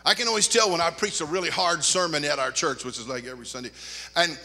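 An older male pastor preaching in a church, his high, sharp voice animated and full of joking asides. It rings with a long reverb from the sanctuary. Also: quick pace. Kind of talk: sermon.

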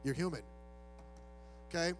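A man's voice: on the high side, measured pace, a little hiss or hum, poor audio. A male pastor preaching a sermon in a loose, conversational way, acting out quoted voices as he goes.

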